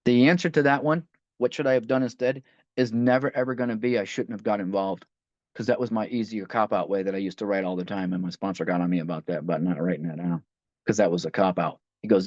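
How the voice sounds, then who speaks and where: A fast-talking man with a lowish, darkish voice and fairly even intonation reads a recovery book aloud line by line, conversationally and with many restarted phrases. The audio is dull, dry, and lo-fi, with no room sound.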